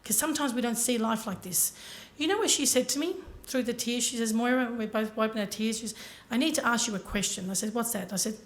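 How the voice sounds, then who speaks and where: Fast-talking woman telling a story. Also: a little high. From Ireland. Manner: earnest, addresses audience directly. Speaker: conference speaker. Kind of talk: motivational storytelling talk.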